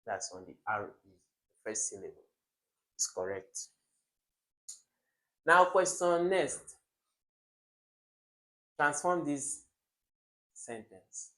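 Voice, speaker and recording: A man works through exam questions as a tutor, lively and emphatic in delivery. His voice sits in an ordinary middle pitch, and he keeps tossing rhetorical questions at the viewer. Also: a little slow, long pauses, low-quality recording. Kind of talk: classroom-style exam lesson.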